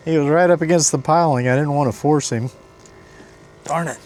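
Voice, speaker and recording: Excitable man fishing from a kayak. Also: on the high side, unhurried, a little hiss or hum. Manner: excitable, talks to viewers while fishing. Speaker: fishing vlogger host. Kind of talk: casual running commentary. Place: outdoors on a kayak on saltwater.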